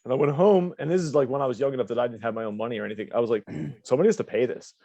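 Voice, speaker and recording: A man's voice: medium pitch, very fast, mellow, no echo. A young man telling rambling, profane stories and laughing on a casual podcast. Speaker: podcast co-host. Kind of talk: casual storytelling. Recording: dull lo-fi podcast audio.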